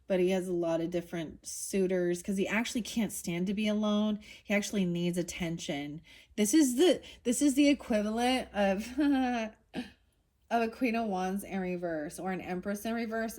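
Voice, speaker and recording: A woman's voice: medium pitch, a little mellow. A woman giving a casual tarot reading, talking bluntly and getting heated, with swearing and many restarts. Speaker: tarot reader.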